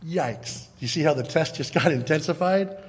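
A man delivers a sermon with a fairly high voice for a man, talking to the congregation in a lively, conversational way. He slips into the voices of the people in his reading. The sound carries the long reverb of a large hall. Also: normal speed, breathy edge. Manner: conversational, animated, acts out quotes. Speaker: pastor.

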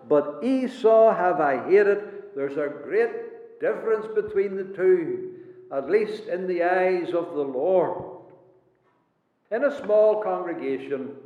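A man preaching a sermon in a church, measured and emphatic, repeating his key phrases. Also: on the high side. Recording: echoey hall on a tinny, phone-like line.

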